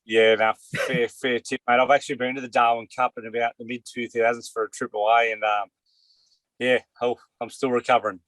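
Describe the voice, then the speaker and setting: A man's voice: medium pitch, little pitch movement, brisk, fairly bright tone, no echo. Rambling Australian man, lots of "mate". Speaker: co-host, former player. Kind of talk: casual sports chat.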